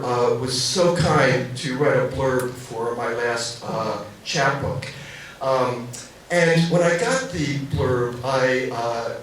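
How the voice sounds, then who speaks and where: A man reads his own poems to a cafe audience, his voice at a middling pitch. Between poems he stumbles through casual introductions, restarting and filling gaps with ums. He sits far from the microphone in a very roomy space, with faint room noise behind him. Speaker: poet reading his own work. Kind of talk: poetry reading with spoken introductions. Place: cafe reading venue. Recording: roomy echo from a distant mic.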